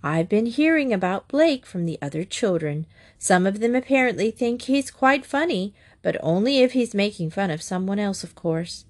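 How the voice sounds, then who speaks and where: A woman reading aloud, voicing a cheery, kindly older woman who speaks calmly. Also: mid-range voice, normal speed, hardly any pauses, lightly acted. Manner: cheery, calm.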